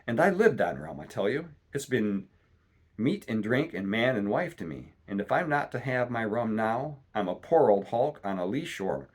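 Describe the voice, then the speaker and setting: A man voicing a sick, rum-craving old pirate captain who talks in gruff, salty seaman's slang, reading a storybook aloud. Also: lowish voice, big pitch swings, normal speed, darkish tone. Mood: blustering. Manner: gruff salty seaman's talk, pleading then cursing.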